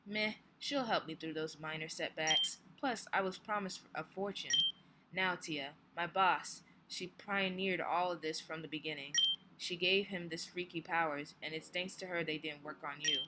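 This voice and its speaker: A woman voicing a cocky, dismissive male mercenary who posed as a prophet, over loud game music. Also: on the low side, moderate pace, very noisy, lightly acted. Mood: smug. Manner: cocky, dismissive, casual slang.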